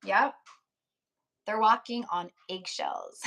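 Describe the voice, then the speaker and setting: A woman hosting a tarot live stream, chatting casually with her viewers and reading out their names, her voice going hoarse. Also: medium pitch, takes it slowly, a bit bright. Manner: chatty, reads out chat names, frequent "like" and laughs.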